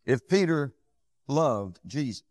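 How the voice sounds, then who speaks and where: A man preaching a sermon, rising to loud, high passages and sinking to low, quiet ones. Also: big pitch swings, slow pace, no room sound.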